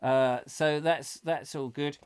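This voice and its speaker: A man's voice: fairly high pitch, steady tone, slow pace, smooth. A man hosting a live comic chat show, rambling and joking at his own expense. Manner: jokey, rambling, self-mocking. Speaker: host.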